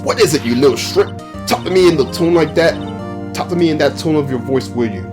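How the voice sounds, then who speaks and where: Man doing a sassy young female witness, raised pitch, game playthrough. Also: brisk, over music, close to an everyday voice. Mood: indignant.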